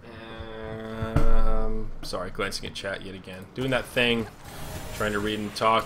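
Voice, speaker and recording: A man's voice: mid-range voice, bright, forceful tone, a little hiss or hum. A man casting a live video game match solo, giving chatty play-by-play and thinking aloud as he corrects himself. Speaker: esports caster.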